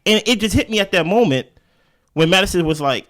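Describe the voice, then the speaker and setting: A man's voice: high-pitched, animated, brisk, a bit bright. A man co-hosting a TV recap show, arguing his points animatedly and repeating them for emphasis. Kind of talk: casual reaction chat.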